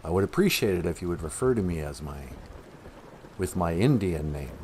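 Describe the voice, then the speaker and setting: A man playing a male caller posing as a movie star in a comedy phone-in bit, talking in a casual, rambling, deadpan way. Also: sits low, moderate pace, husky, full character voice.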